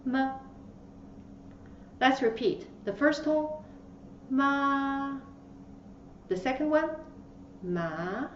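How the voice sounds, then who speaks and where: A woman teaching beginners the tones, patiently drawing out each syllable. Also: fairly high pitch. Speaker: Chinese language teacher. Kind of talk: slow instructional lesson. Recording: roomy, distant, slightly dull mic with faint hiss.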